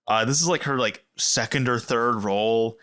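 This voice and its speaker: A man's voice: medium pitch, normal speed, a bit bright. A man co-hosting a podcast in casual chat, opinionated, laughing easily and swearing offhand. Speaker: podcast co-host.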